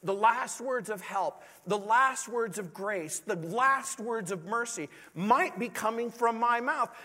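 A man's voice: very high-pitched, bright, forceful tone. A man preaching a sermon as a pastor, earnest and pleading, with many rhetorical questions. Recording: long hall reverb.

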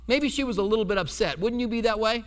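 A man's voice: sits high, quick pace. A male pastor preaching a sermon in a church, telling stories with humor and acting out quotes. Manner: animated storytelling preacher, acts out quotes with humor. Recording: long hall reverb.

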